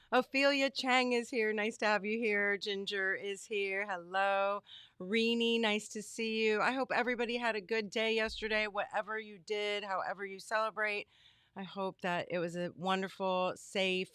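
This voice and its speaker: A bubbly middle-aged woman greets her livestream viewers one by one from her home craft studio, her voice slightly hoarse. Her tone stays smooth and resonant despite the strain. The sound is dry and close, with no room echo. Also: mid-range voice, bright, forceful tone. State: losing her voice. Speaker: livestream host. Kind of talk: casual livestream chat.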